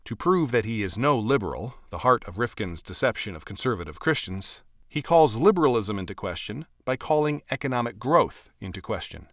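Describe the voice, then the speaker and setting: A man reads a book aloud, his pitch rising and falling in a lively way as he stresses each point. The recording is close and dry, with no room sound. He reads at a measured, emphatic pace. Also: dry recording. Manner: measured, emphatic reading with clear quote markers.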